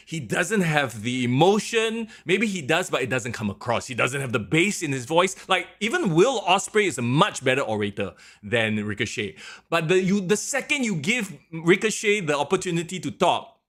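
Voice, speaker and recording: A man co-hosts a casual podcast and gives his opinions bluntly. His voice sits a little high and swings up and down with plenty of animation. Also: very animated, normal speed, a bit bright. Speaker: podcast co-host. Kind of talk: casual chat.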